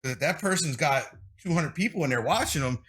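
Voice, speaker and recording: A man hosts a laid-back podcast conversation in a bright, forward voice with a husky grain. He talks in an animated way and swears freely. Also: fairly high pitch, fast talker. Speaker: podcast host. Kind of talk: casual podcast chat.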